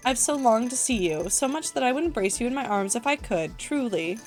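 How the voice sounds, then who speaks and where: A woman's voice: a little high, animated, brisk, faint music behind, pitched above the performer's own voice, close to an everyday voice. A woman voicing a fawning, flowery AI machine. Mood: doting. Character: doting, theatrical female AI machine.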